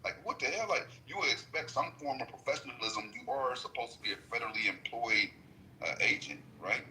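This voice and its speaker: A man in a casual group podcast chat, talking in an animated, indignant way. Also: medium pitch, brisk, a little hiss or hum, low-quality recording. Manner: animated, indignant ranting with mimicked shouts.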